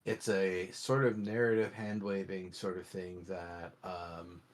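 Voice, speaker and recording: A man co-hosting a casual discussion, ranting with wry, animated complaints. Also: deep voice, unhurried. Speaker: podcast co-host.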